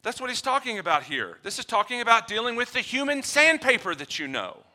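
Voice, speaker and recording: A man preaching a sermon, shifting between quiet low passages and loud emphatic ones, acting out little dialogues with humor. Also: sing-song, a little fast. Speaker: pastor.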